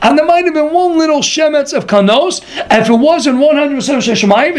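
A man giving an animated Torah lecture as a rabbi. He tells stories with energy and acts out the people he quotes. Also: very high voice. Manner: lively storyteller who acts out quotes. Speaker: rabbi teaching a Torah class.

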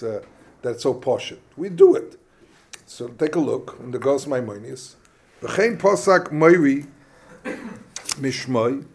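Animated teacher, higher-pitched man. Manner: questioning, animated, mixes Hebrew and Yiddish terms. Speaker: Talmud class teacher. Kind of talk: lively Talmudic lesson.

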